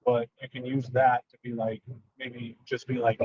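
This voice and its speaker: A man calling into a stream, talking in a hesitant monotone with many fillers. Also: medium pitch, normal speed, husky, lo-fi sound. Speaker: caller. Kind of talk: casual call-in chat.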